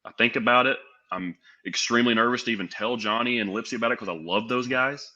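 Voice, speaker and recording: A young man from Tennessee tells a long story as a podcast guest. His voice is strikingly bright and forward. He plays out each exchange with lively quoted dialogue. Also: mid-range voice, fast talker, dull audio. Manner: animated, acts out quoted dialogue. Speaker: guest, pro wrestler and sales executive.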